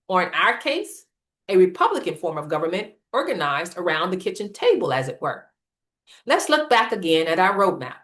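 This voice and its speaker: A woman with a slightly low voice delivers a prepared lecture as a series presenter. She reads at a measured pace and leans on key phrases for emphasis. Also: a bit bright. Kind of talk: scripted political lecture.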